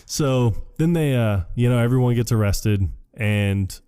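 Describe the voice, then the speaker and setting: In a relaxed podcast chat, a male co-host recaps a film scene by scene, acting out the lines in shifting voices and laughing often. His mid-range voice is dark and clean in tone, and he speaks a little slowly.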